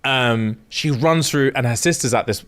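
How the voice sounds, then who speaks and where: A young man hosting a podcast, retelling a story in animated, slangy casual chat and acting out the voices. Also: mid-range voice, moderate pace. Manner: animated, slangy, swears freely, acts out voices. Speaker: podcast host.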